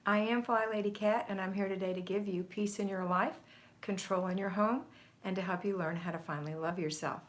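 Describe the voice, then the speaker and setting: An American woman hosts a home-organizing livestream, chatting casually, reading viewer comments aloud and greeting viewers by name while slightly out of breath. Her voice is mid-range with fairly even intonation and a somewhat fast pace.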